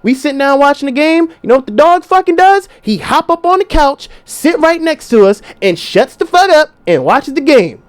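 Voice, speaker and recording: A young man with a high voice talks straight to his listeners in a loose podcast monologue. He swears freely and slips into voices of the people he describes, and his delivery stays casual and animated. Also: moderate pace, hardly any pauses. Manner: profane, animated, acts out quoted voices. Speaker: podcast host.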